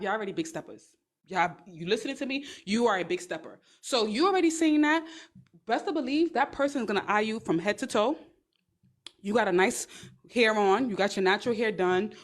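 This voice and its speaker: A young woman talks straight into her phone on a livestream, giving blunt, profane advice. Her voice sits at an ordinary middle pitch. She is sassy and quick to mock, often slipping into little put-on voices to act out examples. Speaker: live-stream host giving advice.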